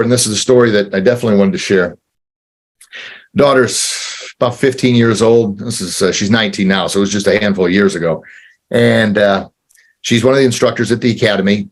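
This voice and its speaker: His voice on the low side, a forties-aged man who is an entrepreneur guest recounts something candid and personal. He's earnest yet halting, repeats words, and gets choked up along the way.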